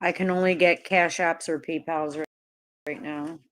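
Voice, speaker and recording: A woman's voice: low voice, fairly even intonation, normal speed, a bit bright. Woman chatting on a live stream. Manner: laughs often, swears freely, answers the chat. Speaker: livestreamer. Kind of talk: casual live-stream chat.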